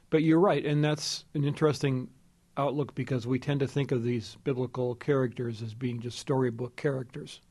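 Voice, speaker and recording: A man hosting a conversation about faith, responding with measured, reflective comments. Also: medium pitch, steady tone, darkish tone. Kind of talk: conversational interview.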